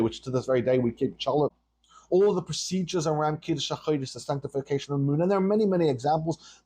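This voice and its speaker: A rabbi with a slightly high, breathy-edged voice teaches a Torah lesson on a podcast, telling the story with lively call and response.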